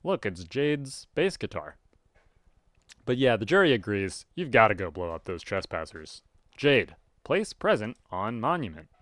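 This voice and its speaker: A man with a fairly low voice reads a webcomic aloud and comments as he goes. His delivery swings widely in pitch, jumping into loud exclamations. The recording is dry and close, with no room sound. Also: dry recording. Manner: reads narration evenly, with sudden loud animated outbursts. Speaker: webcomic reader. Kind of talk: casual read-aloud with commentary.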